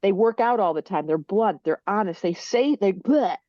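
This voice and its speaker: An older woman, a guest on a podcast, explaining things in a lively way and acting out little voices as she goes. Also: mid-range voice, normal speed, dry recording, dull audio. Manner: animated, acts out little character voices. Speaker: astrologer guest. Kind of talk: podcast interview.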